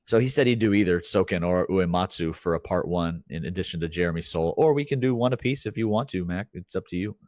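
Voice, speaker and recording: A man's voice: low voice, quick pace, hardly any pauses, a little mellow, no room sound, clean studio sound. A man co-hosting a podcast in laid-back, rambling casual chat. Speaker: podcast co-host.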